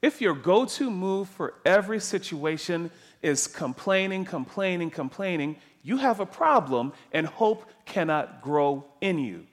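A man preaching a sermon, emphatic and animated, dropping soft and then rising loud. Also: high-pitched, measured pace.

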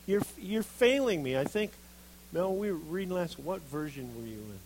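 A man preaching a sermon, reading scripture and acting out the quoted speakers with lively expression. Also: on the high side, moderate pace, a little hiss or hum, low-quality recording. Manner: animated, acts out quoted voices of Jeremiah and God.

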